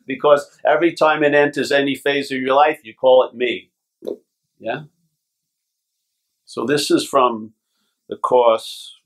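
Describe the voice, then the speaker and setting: A man gives a spiritual teacher's talk at a retreat. His delivery is casual and blunt, with the odd curse word and a habit of asking "yeah?" to keep the room with him. His voice sits at an ordinary middle pitch for a man. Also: vocal fry. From Long Island, New York. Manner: casual and blunt, with swearing and frequent checks of "yeah?". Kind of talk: talk to a retreat group, reading passages aloud. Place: retreat gathering.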